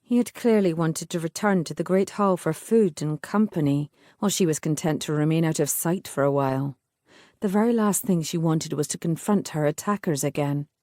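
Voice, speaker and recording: The clip features a woman with a lowish voice reading a historical romance audiobook as scripted narration. Her delivery is measured and even, and the recording is dry with clean studio sound.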